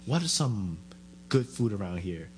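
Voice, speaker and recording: Animated man telling stories. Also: lowish voice, measured pace, a little hiss or hum. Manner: animated storyteller acting out quotes. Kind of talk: casual chat.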